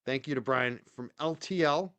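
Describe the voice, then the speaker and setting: A man's voice: medium pitch, moderate pace, fairly bright tone, clean tone, no room sound. A man hosting a live stream, giving rambling, opinionated commentary with frequent restarts and fillers. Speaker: show host.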